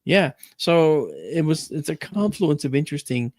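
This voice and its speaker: A podcast host with a slightly high voice chats casually on a talk stream at a moderate pace, with no echo. He tells a family story with lots of animation, acting out the quoted voices.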